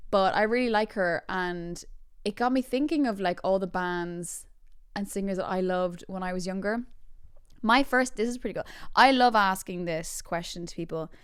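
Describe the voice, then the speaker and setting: Woman around 30 chatting on her podcast, giggly and rambly, smooth clear voice. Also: mid-range voice, normal speed, dry recording, clean studio sound. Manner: bubbly, giggly storytelling, jumping between tangents. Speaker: podcast host. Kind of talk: casual chat.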